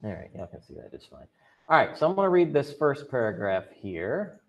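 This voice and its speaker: A male drama and chorus teacher leads a virtual class from his classroom, talking into a computer mic on a video call. His delivery is upbeat and chatty, and he keeps slipping joking asides to his students between points. His voice sits at a middle pitch for a man. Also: sing-song, fairly quick.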